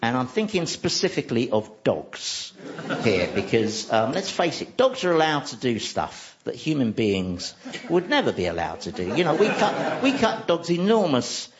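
A man's voice: medium pitch, huge pitch swings, moderate pace, highs cut off, crowd noise. Wry man, comic monologue. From central London. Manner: dry, wry, self-mocking. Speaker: comedian.

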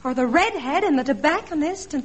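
A woman's voice: high-pitched, expressive, brisk, dull audio. A woman playing a naive, girlish young wife in a comedy sketch, breathless and gushing. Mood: tearful.

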